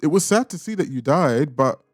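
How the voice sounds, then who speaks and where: A man's voice: on the high side, expressive, moderate pace, no echo, clean studio sound. A young man hosting a reaction channel, casually ranking film characters with playful, opinionated jabs. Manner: chatty, opinionated, playfully insulting.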